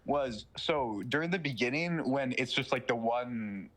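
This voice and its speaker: Excited young man telling a wild story. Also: medium pitch. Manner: excited, slangy storytelling, profane; does quick mocking voices of the characters. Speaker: podcast co-host. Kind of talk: casual chat, retelling a movie plot.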